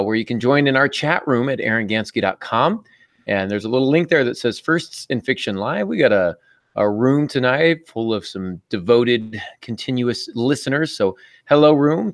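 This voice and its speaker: A man's voice: mid-range voice, no echo, studio quality. A man in his thirties hosting a writing podcast in a casual, joking chat full of fillers. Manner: chatty, joking, many fillers. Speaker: podcast host.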